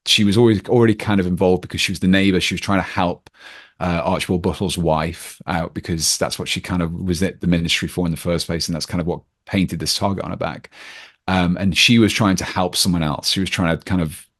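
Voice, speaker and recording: A man's voice: low-pitched, fairly even intonation, brisk, a bit bright. A man talking casually about a film as a podcast guest, with lots of fillers and restarts. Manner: rambling, many fillers and restarts.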